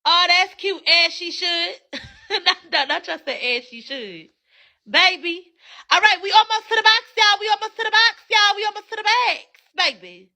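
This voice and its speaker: High bright brash livestream host woman. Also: normal speed. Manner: brash, hypes viewers for gifts, frequent cussing. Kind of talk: casual livestream chat. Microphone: phone.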